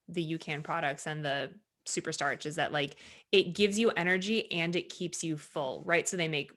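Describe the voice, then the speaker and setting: A woman co-hosting a podcast in casual chat, bubbly and animated, often correcting herself mid-sentence. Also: low voice. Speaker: podcast co-host.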